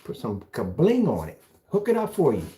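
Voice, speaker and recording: A man's voice: medium pitch, huge pitch swings, moderate pace, mellow. A man mocking a rival in a ranting callout video, sarcastic, taunting, and repeating phrases back at him. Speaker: video blogger.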